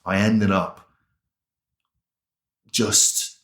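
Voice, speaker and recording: On the low side and a bit bright, this man draws out his words with a flat delivery in reverberant surroundings. He's an English chaplain and interview guest whose testimony comes as a plain, colloquial story, with recalled dialogue acted out.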